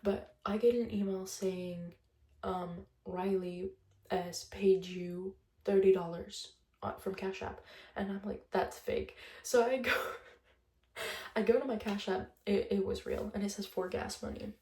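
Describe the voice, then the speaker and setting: A woman's voice: medium pitch, fairly even intonation, measured pace, a little mellow, reverberant, distant mic. A young woman telling a breakup story in a casual vlog, chatty and blunt, swearing freely and laughing often. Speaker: vlogger.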